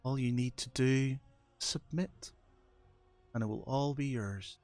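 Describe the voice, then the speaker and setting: Guy putting on a whispery seductive spirit lady, slow and hushed, dry sound. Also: medium pitch, dry recording, soft background music, close to an everyday voice. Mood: coaxing. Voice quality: soft, breathy whisper.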